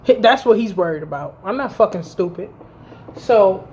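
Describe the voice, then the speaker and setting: A woman's voice: mid-range voice, very animated, normal speed, darkish tone, slight background noise. Blunt, profane woman vlogger. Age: 30s. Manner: blunt, profane, heated storytelling. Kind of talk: storytime vlog.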